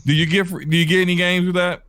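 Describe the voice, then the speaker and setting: A man's voice: high voice, little pitch movement, quick pace, fairly bright tone. A man hosting a gaming podcast, making his case point by point with many restarts. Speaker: podcast host. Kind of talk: casual podcast discussion.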